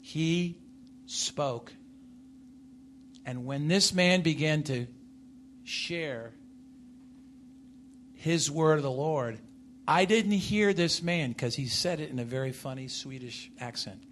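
A man's voice: slow pace, long pauses, slight background noise. A man preaching a sermon, emphatic, swinging his voice up and down and putting questions to the congregation. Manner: emphatic, rises and falls in pitch and loudness, asks the congregation questions.

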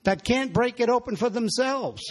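A man's voice: very high voice, expressive, normal speed. A man preaching a sermon in a church, exhorting the congregation and calling for their responses.

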